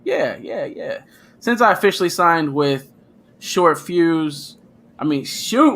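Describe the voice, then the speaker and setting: A man's voice: high voice, measured pace. Hyped-up man hosting a livestream. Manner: hyped, animated, slangy. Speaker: host. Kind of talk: casual livestream chat.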